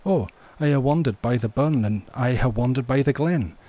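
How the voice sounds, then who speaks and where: A man's voice: medium pitch, normal speed, warm tone, lightly acted. A man voicing a proud, grim Scottish clan chief in a put-on Scottish accent, reciting in a solemn ballad style. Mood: stirring.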